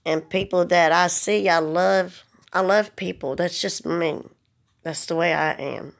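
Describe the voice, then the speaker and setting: On the low side and a little slow, this woman's creaky voice keeps a steady tone. As a vlogger, she makes an earnest, plain-spoken plea directly to the camera, holding back tears.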